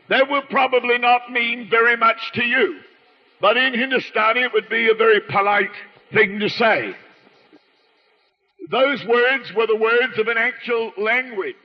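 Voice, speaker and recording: A man's voice: very high voice, a little slow. A man preaching a sermon with an emphatic, repetitive cadence. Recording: muffled sermon recording in a reverberant hall.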